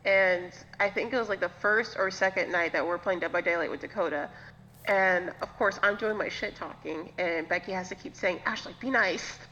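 Sassy woman with a bright voice. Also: lowish voice, fairly quick. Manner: sassy, teasing, swears freely. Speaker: guest. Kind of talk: casual chat. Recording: lo-fi with hall reverb, faint hum.

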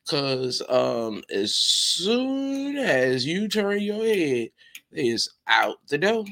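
A man hosting a podcast, telling funny stories in a casual, animated, slangy way and repeating phrases for effect. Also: on the high side, extremely slow, vocal fry. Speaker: podcast host. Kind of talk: casual comedic storytelling.

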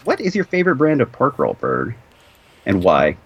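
A man's voice: medium pitch, wildly swooping pitch, normal speed, breathy edge, highs cut off. A man hosting a podcast in casual chat, wry and teasing with playful asides. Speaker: podcast host.

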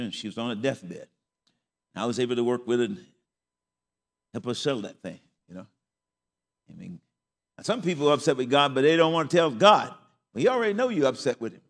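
A man's voice: medium pitch, long reverb tail. An older man preaching a sermon as pastor, telling stories. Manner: folksy storytelling with laughs.

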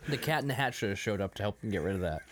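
A man's voice: lowish voice, lively intonation, racing, a little hiss or hum. A man co-hosting a casual movie podcast, acting out scenes in voices and laughing often. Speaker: podcast co-host.

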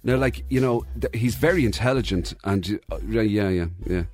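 A man's voice: on the low side, moderate pace, darkish tone, soft background music. A man co-hosting a radio show, bantering and laughing easily. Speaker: radio co-host. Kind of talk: casual radio chat.

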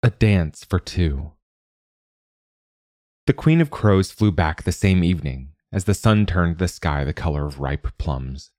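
A man reading a fairy tale aloud in a calm, even storytelling voice. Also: low voice, measured pace, no room sound, studio quality. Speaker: narrator. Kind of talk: scripted storybook narration.

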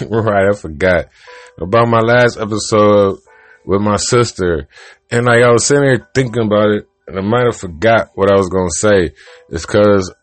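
Low-voiced man rambling through a joke. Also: moderate pace, no echo, faint music behind. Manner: rambling, profane, self-interrupting. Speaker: podcast host. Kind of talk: casual monologue, telling an old joke.

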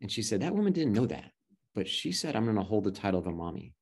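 A man's voice: lowish voice, sing-song, fast talker, darkish tone, husky. A man in his thirties telling a personal story in casual chat, rambling with restarts and acted-out quotes. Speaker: guest adoptive father.

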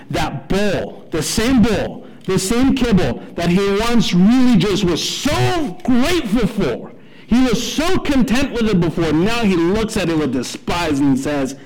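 Animated pastor telling a story. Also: male voice. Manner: animated, acts out a dog's delight. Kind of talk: sermon with storytelling. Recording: low-quality radio-like audio.

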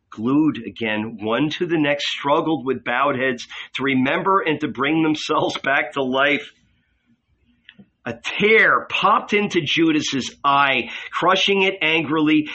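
A man's voice: medium pitch, sharp tone, lo-fi sound. A man giving a dramatic narration of a novel as an audiobook reader. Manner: dramatic, slow.

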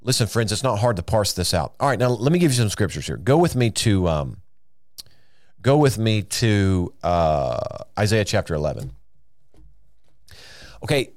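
A man's voice: lowish voice, dry recording, studio quality. A man teaching the Bible in a podcast, earnest and emphatic, with frequent fillers and restarts as he works through passages.

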